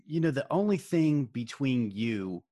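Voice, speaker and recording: A male marketing consultant, a guest in a casual interview, giving calm, measured advice. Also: mid-range voice, no echo, studio quality.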